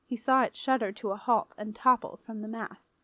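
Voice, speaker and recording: A woman reading a children's fantasy novel aloud as an audiobook narrator, in a clear, even storytelling manner. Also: a little high, normal speed, no echo. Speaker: audiobook reader.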